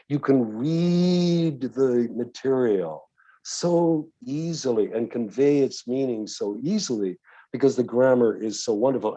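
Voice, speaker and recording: An older man, an audiobook narrator and actor, giving a reflective convention talk in an expressive way, often saying "of course" and stretching words for emphasis. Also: medium pitch. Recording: dull lo-fi audio.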